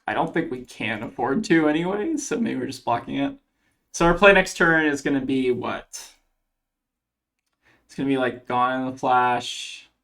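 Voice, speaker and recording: Man, gravelly voice, casual card game commentary, mid pitch, thinking aloud. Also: moderate pace, a bit bright. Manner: thinking aloud, weighing plays with fillers. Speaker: card game player commentating his match.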